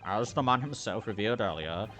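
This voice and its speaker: A man's voice: on the low side, lively intonation, brisk, a bit bright, soft background music, voice pushed down. A man voicing an earnest young male defense attorney in a game let's play.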